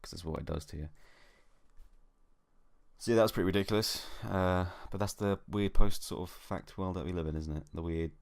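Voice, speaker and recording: Young male co-host, very deep voice, dry rambling comic delivery, dead close mic. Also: fairly quick, creaky, a little mellow, no room sound. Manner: dry, rambling, swears freely. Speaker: podcast co-host. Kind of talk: comedic casual chat.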